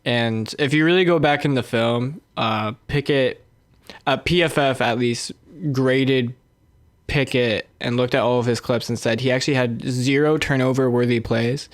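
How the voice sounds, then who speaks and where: Dry-sounding young man, measured sports talk. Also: medium pitch, fairly even intonation, no room sound. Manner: measured, hedging with fillers. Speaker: podcast co-host. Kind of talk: casual sports chat.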